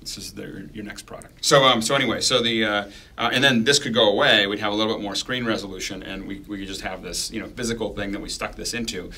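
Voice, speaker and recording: A man's voice: fairly low pitch, steady tone, fast, pushed and bright. A man co-hosting a tech podcast, talking casually in a rambling way with many restarts and fillers. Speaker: co-host.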